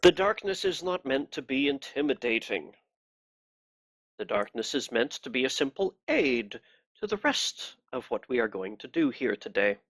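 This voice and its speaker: A man voicing a cold, formal inquisitor in a tabletop game, calm and menacing. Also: mid-range voice, normal speed, no echo. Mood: coldly polite. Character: cold, polite male inquisitor.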